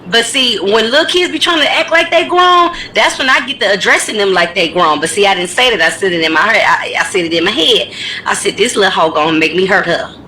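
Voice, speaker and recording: A woman's voice: mid-range voice, fairly quick, slight background noise, low-quality recording. Blunt, profane woman ranting to camera. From United States. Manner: animated storytelling, blunt and profane. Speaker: vlogger. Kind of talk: casual rant to camera.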